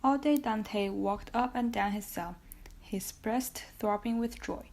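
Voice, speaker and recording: Woman audiobook reader, slightly high voice, steady narration. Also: slow. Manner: steady narration with occasional self-corrections. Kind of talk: reading a classic novel aloud.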